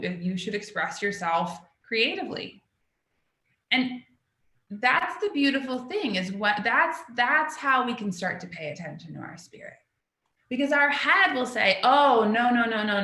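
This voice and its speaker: A young adult woman giving an animated storytelling talk, acting out the people in her stories. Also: mid-range voice. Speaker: speaker at a talk, intuitive. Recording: echoey room.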